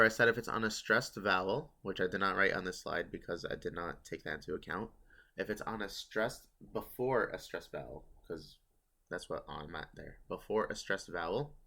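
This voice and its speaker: Male teacher, lowish voice, relaxed lesson delivery, walks through rules step by step. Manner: explains step by step, self-correcting, thinking aloud. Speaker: language teacher. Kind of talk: casual online grammar lesson.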